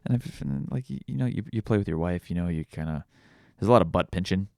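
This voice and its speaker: Deep gravelly man musing aloud. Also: expressive, fast talker, darkish tone, no room sound, studio quality. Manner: candid, rambling with frequent restarts. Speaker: podcast host. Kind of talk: reflective monologue.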